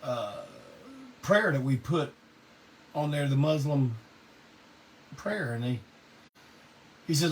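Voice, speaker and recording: A man's voice: fairly high pitch, unhurried, pauses often. Laid-back man telling stories, distant mic. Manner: laid-back Southern drawl, salty, laughs often. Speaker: host of a live online show. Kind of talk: casual storytelling to a live audience. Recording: distant mic with faint background noise.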